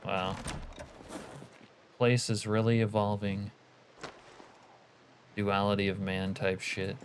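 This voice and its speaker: A man with a low voice gives loose, casual commentary on his game, replying to chat between mutters. He swears freely. A faint hiss of noise sits behind him. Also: little pitch movement, takes it slowly. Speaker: streamer.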